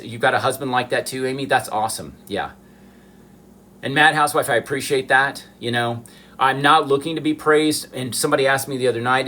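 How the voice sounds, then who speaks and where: A man's voice: medium pitch, bright, forceful tone, a little hiss or hum. Earnest rambling man on a livestream. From Southern United States. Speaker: miniature artist hosting a live stream. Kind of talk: casual livestream chat.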